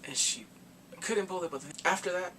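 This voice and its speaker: Male vlogger, slightly higher voice, bright and forceful, lively storyteller, faint room hum. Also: brisk. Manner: animated storyteller, acts out reactions with gasps and laughs. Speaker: K-drama reviewer. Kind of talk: casual recap vlog.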